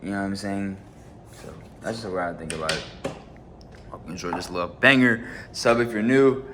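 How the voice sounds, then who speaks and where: A man with a fairly low voice hosts his own vlog, talking money and hustle in an easygoing, slangy way. He keeps circling back with "you know what I'm saying" as he chats from home. A faint background noise sits under the recording. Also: brisk. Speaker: channel host. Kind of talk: casual motivational vlog talk.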